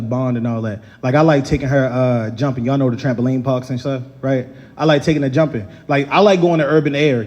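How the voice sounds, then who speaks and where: A man's voice: mid-range voice, lo-fi sound. A man in his thirties with a Baltimore accent, performing a stand-up comedy set on a large theater stage, telling stories and acting out quoted voices. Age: 30s. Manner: animated, storytelling with quoted voices. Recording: live theater with long reverb.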